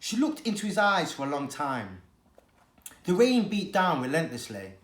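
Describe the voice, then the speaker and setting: A teacher reads a children's novel aloud with an expressive, dramatic storytelling manner. The pitch rises and falls a lot, the voice sits in a middle register, and the room has a noticeable echo. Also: moderate pace. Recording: echoey room.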